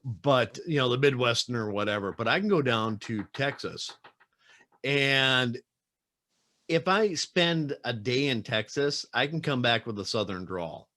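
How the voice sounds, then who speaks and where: A man's voice: mid-range voice, lively intonation, a little slow, bright, forceful tone. A man from South Dakota hosting a podcast interview, chatting in a loose, rambling way and slipping into playful voices. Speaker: podcast host. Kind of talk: casual interview chat.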